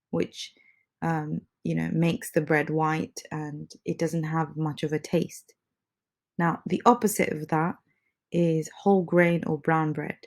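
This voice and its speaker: Lowish-voiced woman english teacher, feeling a bit sick, says phrases slow and patient. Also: gravelly. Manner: patient, repeats phrases slowly and softly for learners. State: under the weather, slightly congested. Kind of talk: slow, clear English lesson with repeated phrases.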